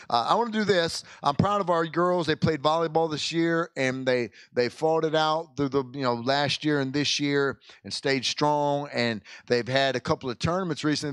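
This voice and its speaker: A man's voice: fairly high pitch, a bit bright, no room sound. Chatty, folksy male pastor. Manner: folksy, chatty, self-interrupting. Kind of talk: casual church announcements. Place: church sanctuary.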